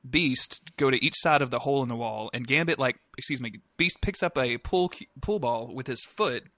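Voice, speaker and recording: A man co-hosting a podcast, recapping a cartoon episode in an animated, sarcastic way with swearing and laughs. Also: medium pitch, normal speed, no room sound. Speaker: podcast co-host.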